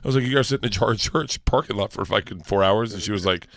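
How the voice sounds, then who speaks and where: A man telling a story as a guest on a talk show, excitable and swearing, acting out the dialogue. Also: on the low side, fast talker, no room sound, clean studio sound. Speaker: guest comedian. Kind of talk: animated storytelling.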